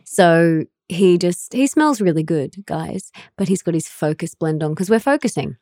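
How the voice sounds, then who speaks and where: A woman's voice: lowish voice, expressive, moderate pace, mellow, no echo, clean studio sound. A woman hosting a podcast with her husband, teasing him playfully and laughing as she chats. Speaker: podcast host. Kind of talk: casual podcast chat.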